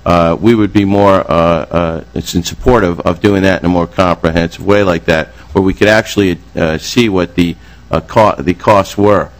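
Low-voiced older man testifying, rambling. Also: steady tone, moderate pace, rough recording. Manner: rambling, heavy uh fillers, formal address. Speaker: witness before a committee. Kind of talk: committee hearing testimony. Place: legislative committee room.

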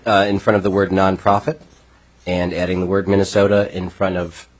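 A man serving as a state representative speaks in a committee hearing. His voice is very low and husky, and he halts and restarts often. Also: level tone. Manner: halting, fumbling for words.

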